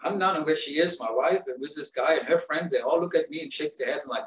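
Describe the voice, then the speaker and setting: A man's voice: fairly high pitch, very animated, fast talker, hardly any pauses, a bit bright. A man talking through his pain in a rambling, emotional personal monologue as a vlogger. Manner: pained, rambling, rising to upset outbursts. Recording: roomy sound from a distance.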